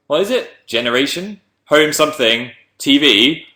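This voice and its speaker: A man's voice: a little high, expressive, normal speed, sharp tone. A man hosting a casual livestream, reading viewer messages aloud and rambling in a chatty, self-deprecating way. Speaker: livestream host.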